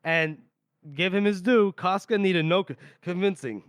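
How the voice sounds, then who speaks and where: A man's voice: high-pitched, a little slow, smooth, dry recording, studio quality. A man co-hosting a podcast, animatedly retelling a book chapter in casual chat and often laughing. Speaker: podcast co-host.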